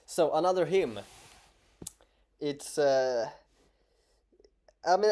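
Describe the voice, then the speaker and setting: A man with a Swedish accent talks loosely to his livestream chat, stumbling and restarting his sentences as he goes. His voice sits at an ordinary middle pitch for a man. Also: warm tone. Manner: halting, stammering, many restarts. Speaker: streamer.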